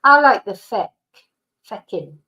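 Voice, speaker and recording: A woman's voice: mid-range voice, a little slow, fairly bright tone, poor audio. A middle-aged woman with a Manchester accent, chatting casually with viewers on a livestream and laughing often. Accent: Mancunian. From Manchester, England. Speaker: livestream host.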